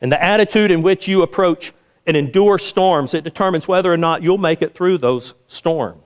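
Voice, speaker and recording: A man's voice: high voice, moderate pace. A man, preaching a sermon as pastor, telling stories in a folksy way and repeating phrases. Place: church sanctuary. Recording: long hall reverb.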